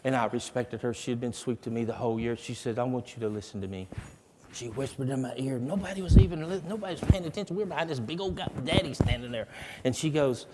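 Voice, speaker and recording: Here a fast-talking man with a medium-pitched voice offers educators a moving, dramatic testimony of motivation. Background noise is present, and the large hall he speaks in gives a long reverb.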